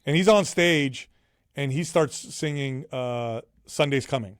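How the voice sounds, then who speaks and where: Male podcast guest, middle pitch, animated and excited, dry close-miked sound. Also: measured pace, smooth, no room sound. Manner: excited, animated storytelling, says "bro". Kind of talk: casual chat.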